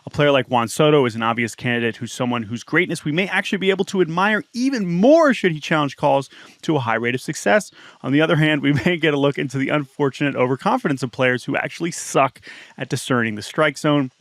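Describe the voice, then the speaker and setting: A man co-hosting a casual sports podcast, talking in halting bursts with repeated words and reading listener email aloud. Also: a little high, a bit bright, no echo, clean studio sound. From United States. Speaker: podcast co-host. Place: small-town home studio.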